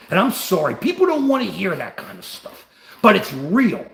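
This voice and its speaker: Impassioned older man, lively and high. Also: normal speed, gravelly, reverberant. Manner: impassioned, reads and answers viewer comments. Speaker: livestream host. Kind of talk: live-stream political talk.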